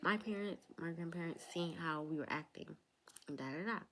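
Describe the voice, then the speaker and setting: A woman's voice: on the low side, normal speed, fairly bright tone, slight background noise, poor audio. A young woman telling a personal storytime to her viewers, chatty, talking straight to them and slipping into whispered asides. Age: young adult. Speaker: vlogger. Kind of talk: storytime vlog.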